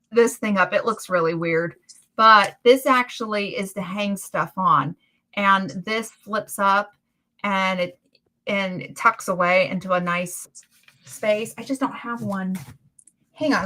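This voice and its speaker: A woman hosting a casual chat stream, telling stories in a chatty, animated way. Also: medium pitch, a little hiss or hum. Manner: chatty storytelling, animated retellings. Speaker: livestream host.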